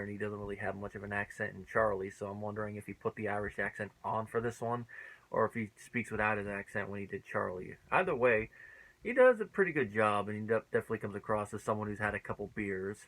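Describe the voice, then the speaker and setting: A man with a lowish voice talks through a sitcom episode in a relaxed, conversational review. He is chatty, laughs easily and fills his pauses with "uh" as he works out what he thinks. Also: low-quality recording. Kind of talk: casual spoken review.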